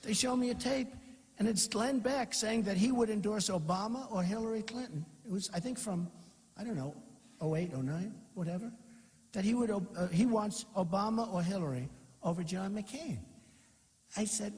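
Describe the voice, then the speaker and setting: A man's voice: high voice, moderate pace, a little mellow. A man giving an off-the-cuff campaign rally speech, rambling, repeating himself and mocking opponents in a boastful way. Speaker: political candidate. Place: large rally venue with a crowd. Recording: long hall reverb.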